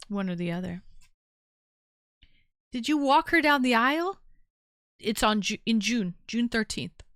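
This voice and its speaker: A woman's voice: mid-range voice, fairly bright tone, no echo, clean studio sound. A tired woman hosting a livestream call-in show, chatting casually and playfully teasing her callers. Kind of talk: casual chat.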